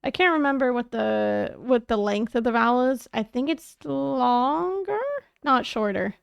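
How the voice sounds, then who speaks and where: A woman's voice: fairly high pitch, animated, a little slow, creaky, clean tone, no echo, dull audio. A Canadian woman streamer chatting casually and joking with viewers as she reacts to videos. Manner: chatty, joking, greets viewers while watching.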